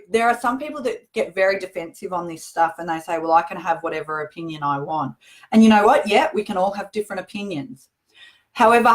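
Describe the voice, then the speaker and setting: A middle-aged woman hosting a show, talking earnestly and conversationally to camera, with emphatic repetition. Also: mid-range voice. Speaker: host answering viewer questions. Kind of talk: casual direct-to-camera talk.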